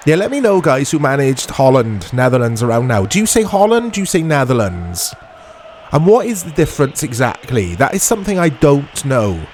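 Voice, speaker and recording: A man hosting a gaming channel, chatting and joking through a let's play, laughing often and bursting into excited play-by-play. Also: mid-range voice, normal speed, slight background noise.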